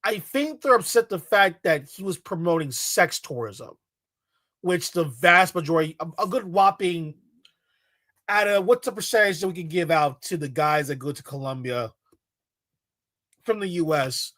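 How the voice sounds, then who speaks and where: A man's voice: sits high, lively intonation, moderate pace, fairly bright tone, no echo, clean studio sound. A man giving casual reaction commentary in a blunt, mocking, exasperated way.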